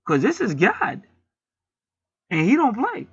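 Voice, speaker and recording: A man's voice: extremely high pitch, wildly swooping pitch, slow, slightly rough, no room sound. A man hosting his own channel, ranting to viewers in a casual, heated, profane and preachy way. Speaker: channel host. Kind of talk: casual rant to camera. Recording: dull lo-fi dry sound.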